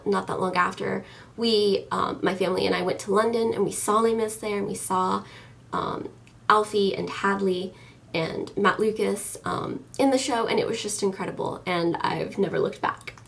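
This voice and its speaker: Chatty young woman with a slightly gravelly voice. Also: medium pitch, fairly even intonation, moderate pace, recorded from a distance. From United States. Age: early 20s. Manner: chatty and enthusiastic, many ums and likes. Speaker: vlogger. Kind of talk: casual chat to camera.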